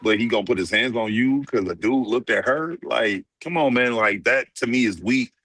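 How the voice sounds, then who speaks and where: A man's voice: mid-range voice, normal speed, a bit bright, no room sound. A man co-hosting a sports podcast, talking casually and emphatically, often repeating words as he starts a point. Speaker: podcast co-host.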